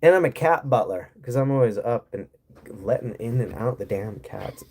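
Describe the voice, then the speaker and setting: Medium in pitch, darkish and slightly rough, this man's voice is expressive and moves at normal speed. He's an American hosting a livestream, sarcastically and profanely ranting as he responds to chat.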